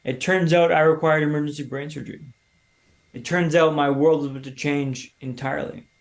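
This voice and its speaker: A man in his thirties from Canada, a podcast guest telling his own story in a lively, casual way and acting out other people's lines. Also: a little high, brisk. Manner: animated storyteller, acts out quoted voices.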